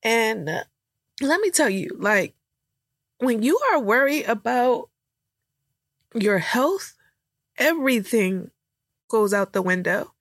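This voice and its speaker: A woman's voice: a little high, expressive, takes it slowly, long pauses, dry recording, clean studio sound. A young woman hosting a candid podcast, telling a personal story while choked up and tearful, with lots of rambling fillers. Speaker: podcast host.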